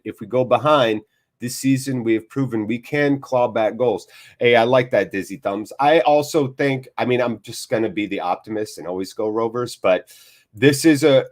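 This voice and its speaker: Guy hosting a live football stream, chatty and jokey, reading chat out, mid-pitched voice. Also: a little mellow. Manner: upbeat, jokey, chatty, reads out viewer comments. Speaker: host of a live football watchalong.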